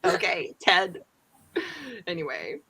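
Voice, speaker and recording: A woman's voice: on the low side, takes it slowly, vocal fry, noisy background. A woman co-hosting a casual book club video call, telling stories with jokey asides. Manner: animated storyteller, joking asides.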